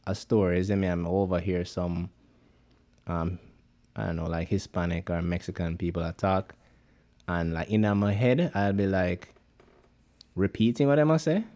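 Jamaican male co-host, mellow and low, loose patois chat full of fillers. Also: fairly even intonation, moderate pace, long pauses. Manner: rambling Jamaican patois speech, many fillers. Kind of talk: casual chat.

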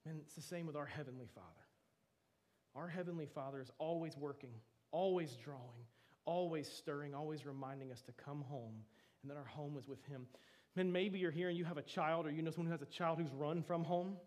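A young man preaches to his congregation with an earnest, emphatic delivery. His voice sits fairly high for a man, and he keeps dropping in "man" as he pushes his point home. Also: a little fast, darkish tone. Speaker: pastor. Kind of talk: sermon.

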